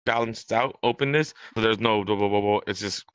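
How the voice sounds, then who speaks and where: Bright-voiced young man telling a rambling story. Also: on the low side, a little fast, clean tone, no room sound. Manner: rambling, profane, animated quoting of others. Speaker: podcast host. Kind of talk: casual storytelling chat.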